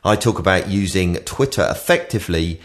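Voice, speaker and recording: A man's voice: low-pitched, animated, brisk. A man hosting a podcast, chatting in wry, teasing banter while complaining of the cold. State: shivering cold. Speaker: podcast host.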